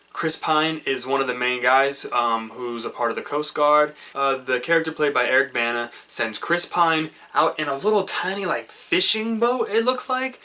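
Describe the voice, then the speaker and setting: A man's voice: medium pitch, bright, forceful tone. A man giving a casual, chatty movie review, rambling with fillers.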